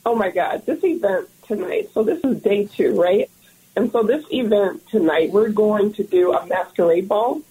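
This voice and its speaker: A woman lounge owner being interviewed on a radio show, upbeat and excited. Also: mid-range voice, normal speed, narrow, tinny audio.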